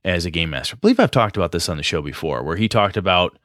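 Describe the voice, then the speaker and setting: Low-voiced rambling man, podcast host. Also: rapid-fire, no echo, studio quality. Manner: rambling, animated, self-deprecating. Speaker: podcast co-host, game master. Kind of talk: casual chat.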